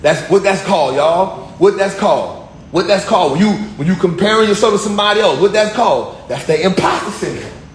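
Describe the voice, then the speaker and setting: A high-voiced man preaching in casual slang, his pitch swinging widely as he repeats phrases for emphasis. The room is echoey, with a faint ambient hum behind him. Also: fairly quick. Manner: animated, repetitive, slangy and conversational. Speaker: vlogger preaching. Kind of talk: casual street-style sermon.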